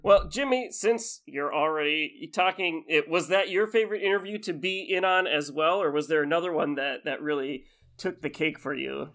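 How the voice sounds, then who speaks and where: A man co-hosts a podcast in easy, casual conversation. He keeps things moving by asking his co-host questions. His voice is slightly high for a man. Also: moderate pace, few pauses, fairly bright tone. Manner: easygoing, steers the conversation with questions. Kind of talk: casual chat.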